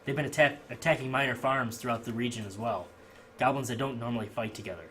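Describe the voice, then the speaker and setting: An urgent, curt woman ranger at a tabletop game, played by a man. She pushes every line forward in a bright, forceful voice at ordinary pitch. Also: fast talker, a little hiss or hum, lightly acted.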